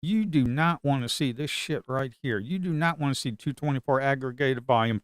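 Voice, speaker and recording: A man's voice: medium pitch, a little fast, hardly any pauses, clean tone, no echo, studio quality. A man giving live trading commentary to viewers, muttering and repeating phrases to himself, now and then swearing at the market. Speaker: live-streaming futures trader.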